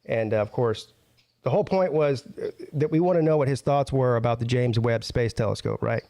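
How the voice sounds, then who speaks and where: A man's voice: medium pitch, a little fast, warm tone, no echo. A man hosting a casual show, commenting on a video he plays and mocking it with lots of filler. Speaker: show host.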